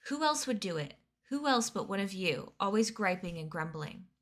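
A woman reading aloud voices a gruff, angry male farm team leader who shouts and accuses. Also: mid-range voice, big pitch swings, moderate pace. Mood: scolding.

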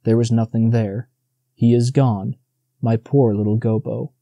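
A man voicing a gentle, grieving female deer in a storybook reading. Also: mid-range voice, fairly even intonation, measured pace, no echo, lo-fi sound. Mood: sorrowful. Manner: gentle, sorrowful.

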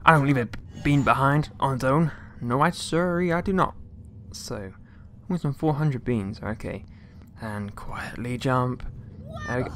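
A man's voice: mid-range voice, expressive, normal speed, fairly bright tone, slight background noise. A man giving casual gameplay commentary, rambling along with jokey, mock-outraged asides and mild swearing. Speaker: let's play gamer.

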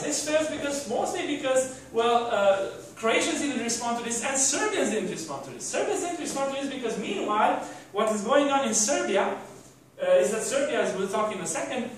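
A man's voice: very high voice, a little hiss or hum. A man giving a university lecture, rambling with restarts and rhetorical questions to the class. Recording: echoey room from a distant mic.

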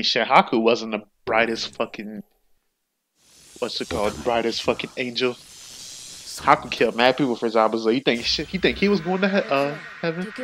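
Male gaming host, loose let's-play chatter, swears a lot, flips between shouting and muttering. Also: medium pitch. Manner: profane, rambling, swings between excited outbursts and hushed muttering. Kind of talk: casual let's-play commentary.

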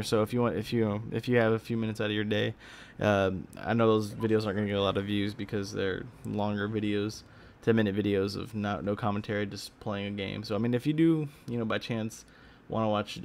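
This gaming YouTuber, a weary young man from Texas, speaks in a low, creaky voice. His vlog chatter about his gaming videos wanders, full of fillers and false starts, with faint background noise behind it.

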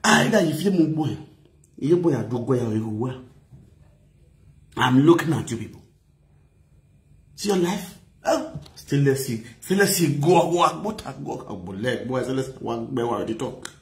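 A man's voice: mid-range voice, lively intonation, moderate pace, long pauses. A man chatting casually in a playful sing-song way, mixing languages, chanting and laughing often. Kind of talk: casual livestream chat with singing and chanting. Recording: echoey room.

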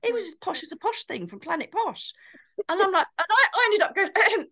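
A woman's voice: very high voice, expressive, fairly quick, bright, forceful tone. A middle-aged woman, telling stories in a casual chat and swearing now and then. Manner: chatty storyteller, swears, does posh impressions. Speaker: co-host, medium.

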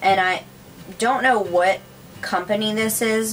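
A woman's voice: medium pitch, steady tone, measured pace, a bit bright, slight background noise, poor audio. A woman chatting casually to her viewers about craft and decor finds, gushing with lots of fillers. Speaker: craft vlogger. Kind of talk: casual haul chat to camera.

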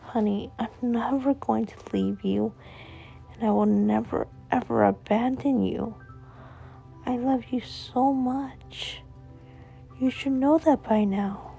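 A woman voicing a loving young mother who comforts her child in a soft, often whispered voice. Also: fairly high pitch, steady tone, slow, creaky, faint music behind. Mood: tender. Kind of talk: storytelling role-play.

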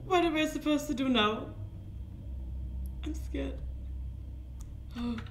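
A woman's voice: high-pitched, a little fast. A woman playing a horror game on stream, talking to the screen, laughing and getting startled. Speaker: gaming streamer. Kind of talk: live horror game commentary. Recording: echoey room with clear background noise.

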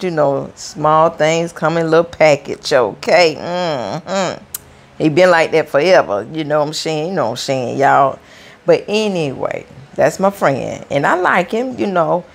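Woman, 50s, lowish voice, casual rambling vlog chat, repeats herself. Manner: chatty, repeats words, drawn-out asides. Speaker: vlogger. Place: her apartment.

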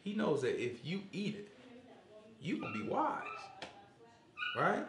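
A man leading a casual Bible study, animated and conversational, acting out the quotes he explains. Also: high voice, unhurried, background noise. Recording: echoey room.

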